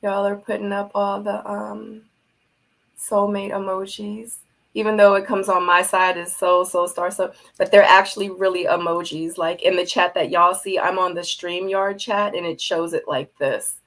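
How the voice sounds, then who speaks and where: Gravelly-voiced woman closing a livestream. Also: medium pitch, level tone, moderate pace, a bit bright. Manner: affectionate, chatty, easily emotional. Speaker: livestream host. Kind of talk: casual livestream sign-off.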